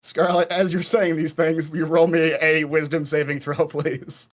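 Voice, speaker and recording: A man running a tabletop role-playing game as game master, talking haltingly with lots of fillers. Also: fairly high pitch, flat delivery.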